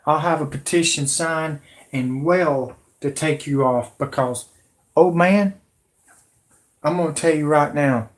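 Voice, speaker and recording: A man's voice: on the high side, takes it slowly. A man in his late thirties hosting his own channel, delivering a heated, repetitive, confrontational political rant. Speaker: channel host.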